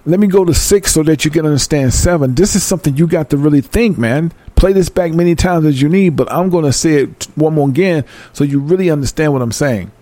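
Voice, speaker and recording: A man reading scripture aloud and breaking into fervent, emphatic commentary, talking excitedly like a Bible teacher. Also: on the high side, dry recording. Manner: reads verses then breaks into fervent commentary; emphatic, animated, apologizes for going fast. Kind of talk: excited scripture study talk.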